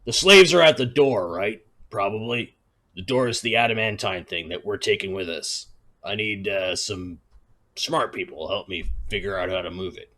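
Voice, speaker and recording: A man playing a tabletop game, decisive and planning out loud. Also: sits low, moderate pace. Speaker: player. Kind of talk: casual tabletop game chat.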